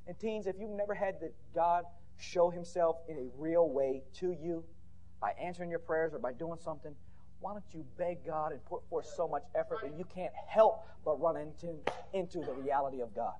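Fiery high-voiced male preacher. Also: moderate pace. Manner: shouting peaks and rhetorical questions. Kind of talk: fiery sermon. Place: church conference hall.

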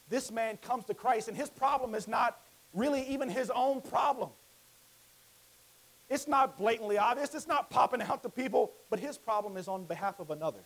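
Man, high voice, fiery sermon preacher: repeats and builds to shouts. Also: animated, normal speed, low-quality recording. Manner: swings from quiet teaching to loud impassioned shouting; repetitive, emphatic preaching cadence.

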